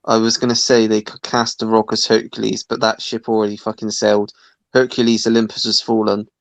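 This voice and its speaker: A man's voice: lowish voice, monotone, a little fast, gravelly, no echo, poor audio. A man hosting a casual livestream, reading viewer comments aloud and teasing his co-hosts. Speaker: livestream host reading chat.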